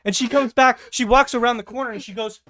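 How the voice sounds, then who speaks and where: A podcast host telling a story in a casual, animated way, cursing freely and acting out the people involved, with frequent stammered restarts. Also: medium pitch, fast talker.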